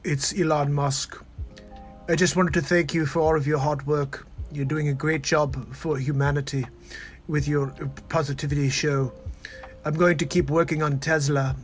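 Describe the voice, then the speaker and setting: A man doing a comedic impression of an awkward male tech billionaire, halting and earnest. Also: on the high side, little pitch movement, soft background music, natural voice.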